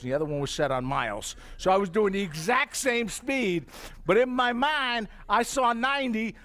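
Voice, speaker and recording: A middle-aged man pitching tableware in a live demonstration, his voice sitting a little high for a man. He spins anecdotes and acts out his own reactions with lively energy.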